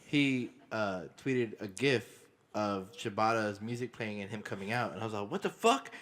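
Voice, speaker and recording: A man co-hosting a casual wrestling podcast, retelling events excitably, acting out quotes and swearing often. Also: on the low side, normal speed. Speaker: podcast co-host. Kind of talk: casual chat.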